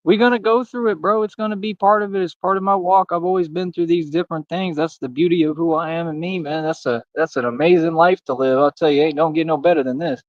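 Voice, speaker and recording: Man, somewhat high voice, slangy direct-address stream rant, dry muffled lo-fi sound. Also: fairly even intonation, quick pace, hardly any pauses, dry recording. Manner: street slang, repetitive, talks straight to viewers. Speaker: livestream host. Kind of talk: casual livestream rant.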